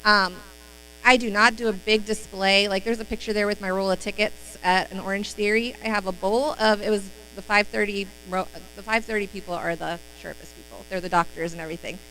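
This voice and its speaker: A woman with a bright, crisp voice shares sales tips in a casual live-stream chat. She sounds confident and matter-of-fact. A faint electrical hum sits behind her. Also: mid-range voice, steady tone, brisk, rough recording. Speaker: sales consultant.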